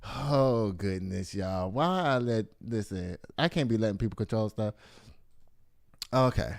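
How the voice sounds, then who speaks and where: A man in his fifties hosting a gossip show in a casual, animated way, full of exclamations and asides to the audience. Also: lowish voice, measured pace, creaky. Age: 50s. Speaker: show host.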